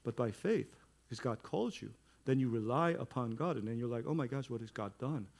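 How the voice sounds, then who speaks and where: Middle-aged male pastor, conversational sermon that swells into loud emphatic preaching, mid-pitched voice. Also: expressive, a little fast, creaky.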